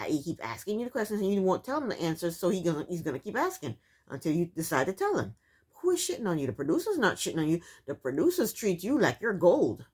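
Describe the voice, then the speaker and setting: A woman's voice: medium pitch, slightly rough. A woman recapping a reality TV show in casual commentary, sassy and exasperated, firing off rhetorical questions.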